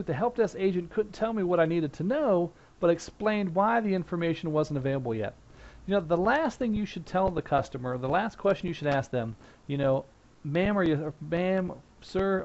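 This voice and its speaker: A man's voice: high-pitched, a little mellow. A man teaching a help desk class in a casual, conversational way, acting out sample phone lines. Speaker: instructor. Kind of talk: casual lecture. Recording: dull lo-fi recording.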